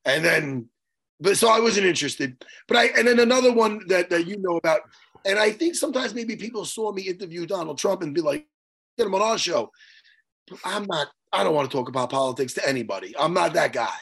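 A man co-hosting a podcast over a video call, talking animatedly and teasing, with loud bursts now and then. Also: sits high, animated, fairly quick, gravelly, slightly rough. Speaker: podcast co-host. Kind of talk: casual chat.

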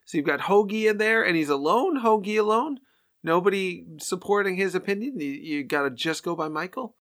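A man co-hosting a comedy podcast, chiming in with quick joking riffs. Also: high-pitched, lively intonation, a bit bright. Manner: quick riffing interjections. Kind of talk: casual comedic banter.

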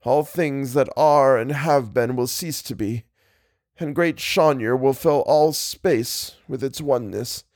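A man voicing a frightened, broken scholar who speaks in halting, faltering, sobbing phrases. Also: mid-range voice, darkish tone, no room sound, clean studio sound. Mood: hushed. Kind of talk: audiobook character voice.

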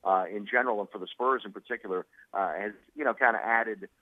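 A male sports broadcaster, a guest on a radio show, chatting quickly over the phone with many fillers and laughs. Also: lowish voice, steady tone, no echo. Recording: tinny phone line.

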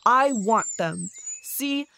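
A woman voicing a big, greedy male black bear in a bedtime storybook, making slow, loud, boastful threats. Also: a little high, animated, gravelly, exaggerated voice. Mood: menacing.

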